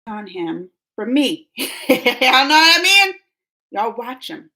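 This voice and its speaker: A woman's voice: a little high, sing-song, slow, bright, forceful tone. A woman hosting a casual live stream, chatting and giggling as she reads viewer comments aloud. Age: adult under 45. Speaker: reaction channel host reading live chat.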